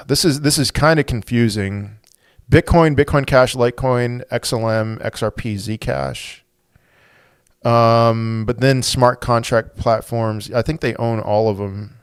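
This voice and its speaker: A man's voice: medium pitch, steady tone, slow, clear, resonant tone, no room sound, clean studio sound. A man hosting a crypto livestream, chatting casually, thinking aloud and answering viewer comments with frequent restarts.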